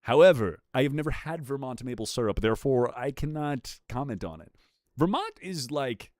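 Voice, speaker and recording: A man's voice: mid-range voice, lively intonation, moderate pace, a little mellow, no room sound, studio quality. A young man streaming live, bantering with chat in a joking, profane way.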